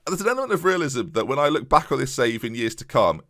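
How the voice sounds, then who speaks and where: A man with a sore throat commentating on his football management game for viewers, excitable and full of restarts, on a desk microphone. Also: medium pitch, fast, no room sound, clean studio sound. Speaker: gaming YouTuber. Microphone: USB desktop microphone.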